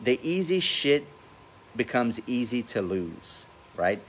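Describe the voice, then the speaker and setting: Speaking slowly in a sing-song, medium-pitched voice, this man talks over a little hiss or hum. He's a real estate investor and host in his forties, giving crude, no-nonsense business advice in a relaxed poolside livestream, and he mentions having a funny accent.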